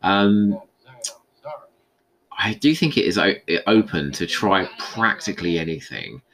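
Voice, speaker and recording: Low-voiced man, rambling commentary. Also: animated, unhurried, fairly bright tone, rough recording. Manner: rambling, conversational, thinking aloud. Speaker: episode commentator. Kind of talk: casual recorded commentary.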